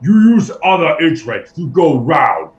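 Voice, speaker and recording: A man's voice: a little high, sing-song, unhurried, echoey room, highs cut off. A man voicing a big, long-armed male bugbear guard who talks in blunt, broken phrases in a tabletop game. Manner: broken, clipped speech.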